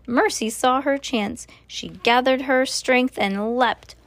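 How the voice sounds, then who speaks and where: A woman's voice: high-pitched, slow pace, no echo. A woman reading a children's chapter book aloud to a child, slipping into casual asides to explain what is happening.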